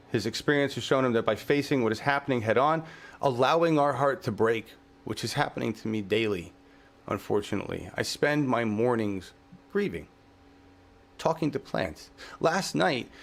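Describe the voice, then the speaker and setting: A man hosting his own channel, delivering an impassioned, profane rant outdoors in his yard, swinging between grief and shouting. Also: medium pitch. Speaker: channel host.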